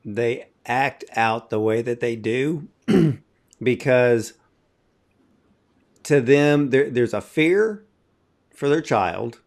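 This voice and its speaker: A man hosting a film interview, asking questions and commenting in a thoughtful, measured, affirming way. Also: mid-range voice, lively intonation, a little mellow. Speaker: interviewer, film show host.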